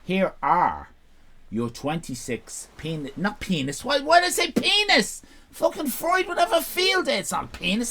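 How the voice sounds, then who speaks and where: Male streamer, rambling and self-mocking, very animated pitch. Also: normal speed, creaky. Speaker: live streamer. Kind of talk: casual live-stream chat.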